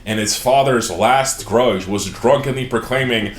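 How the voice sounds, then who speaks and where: A man's voice: mid-range voice, unhurried, hardly any pauses. A man hosting a casual podcast and animatedly retelling fantasy lore, swearing often. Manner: animated storytelling, frequent profanity. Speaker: podcast host. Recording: roomy echo.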